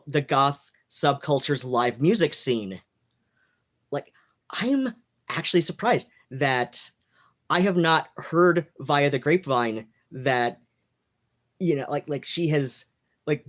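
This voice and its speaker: An American man who talks in a put-on mid-Atlantic accent, all drawn-out vowels and theatrical polish. He chats to his livestream from home, rambling and campy, with "like" and "you know" scattered through every sentence. The tone is gossipy and unhurried. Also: medium pitch. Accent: affected mid-Atlantic. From United States. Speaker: livestream host. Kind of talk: casual rambling livestream chat.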